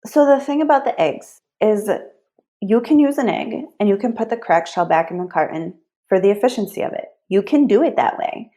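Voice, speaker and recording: A woman's voice: mid-range voice, a little fast, dark tone. Earnest woman coach explaining money habits. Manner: earnest explaining, many "like" fillers. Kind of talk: podcast guest interview.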